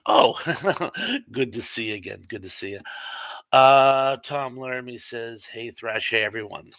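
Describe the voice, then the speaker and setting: A man hosting a casual live stream, chatting and reading viewer comments aloud with quick asides. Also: mid-range voice, a bit bright, dry recording. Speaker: host reading live chat.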